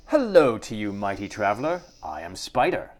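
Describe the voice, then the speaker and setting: A man's voice: on the low side, normal speed. A man doing a poised, rambling giant spider. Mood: pleased. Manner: polite, rambling. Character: big poised spider, friendly and scatterbrained. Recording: steady background noise.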